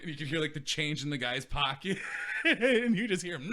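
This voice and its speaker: Laughing, animated male podcast host. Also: a little high, brisk. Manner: laughs often, swears freely, loose and rambling. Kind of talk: casual chat.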